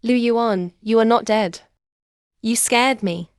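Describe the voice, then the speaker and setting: An earnest young heroine, slow and dry. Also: female voice, a little high, clean tone, no room sound. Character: young woman in a boss romance, earnest. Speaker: dub actor in a short romance drama. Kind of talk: dubbed drama dialogue.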